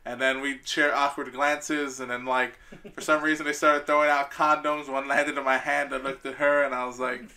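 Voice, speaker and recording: A man's voice: medium pitch, level tone, moderate pace, bright, forceful tone. A man co-hosting a podcast, telling crude anecdotes between laughs in casual chat. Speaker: podcast co-host.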